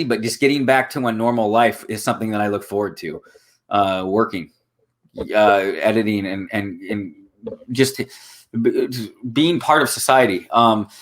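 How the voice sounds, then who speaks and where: A young man talking as a guest in an emotional, casual conversation, earnest and halting, with many restarts. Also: mid-range voice, fairly bright tone.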